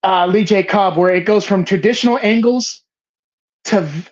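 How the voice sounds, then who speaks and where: A woman's voice: medium pitch, moderate pace, darkish tone. Emphatic, swearing woman gushing about film. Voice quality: emphatic, profane, rambling with restarts. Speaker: host of a movie bracket show. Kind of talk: casual, passionate film talk. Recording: slightly dull lo-fi sound.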